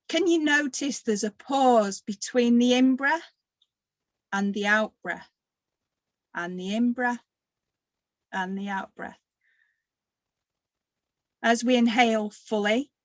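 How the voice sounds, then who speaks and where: A tired woman leading a guided meditation workshop, talking gently with long pauses. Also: on the high side, no echo. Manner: slow, gentle guiding with pauses. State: tired, occasional coughing. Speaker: workshop leader.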